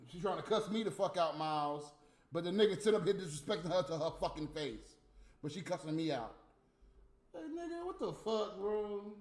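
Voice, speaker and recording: A stream host launches into a heated, profane monologue, scolding as he rants. His fairly high voice is brisk, recorded in a roomy space with faint music.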